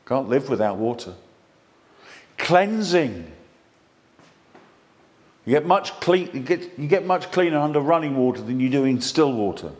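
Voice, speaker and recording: A man preaching a sermon in an excitable, animated way, with self-deprecating humour. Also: medium pitch, measured pace, long pauses.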